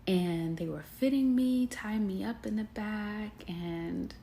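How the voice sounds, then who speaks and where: A woman's voice: mid-range voice, takes it slowly, vocal fry, mellow. A young woman hosting a podcast, telling a personal story in a candid, emotional way, laughing often and calling listeners y'all. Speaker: podcast host. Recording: echoey room, faint background noise.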